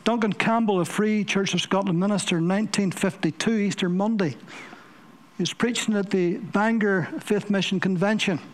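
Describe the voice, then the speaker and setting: A man preaching a sermon in a high voice. He tells his stories vividly, repeating words and phrases for emphasis as he builds them up. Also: normal speed. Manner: vivid storytelling with emphatic repetition.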